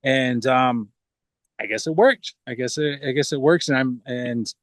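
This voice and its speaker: A man talks in a relaxed, rambling way as an interview guest, often restarting his sentences. The sound is dry and close, with no room echo. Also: medium pitch, a little slow. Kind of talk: casual interview chat.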